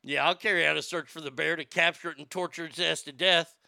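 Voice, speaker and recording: Man, comic profane rant, stammering, very bright crisp tone, dry close sound. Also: a little high, fairly even intonation, fast talker, no room sound. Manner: loud, stammering, mocking, jokey. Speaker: live show host reading chat.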